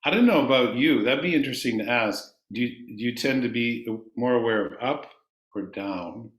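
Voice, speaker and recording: A man teaching a chanting class, calmly explaining ideas and singing long vowels for his students to repeat. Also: mid-range voice, normal speed, roomy sound.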